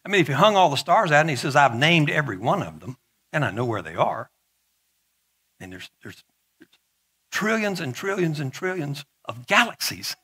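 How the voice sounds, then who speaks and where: A middle-aged male pastor delivers a sermon in a casual, conversational way. His voice sits a little high and sounds forceful yet breathy. He drops playful asides and often repeats his words as he goes. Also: very animated, moderate pace.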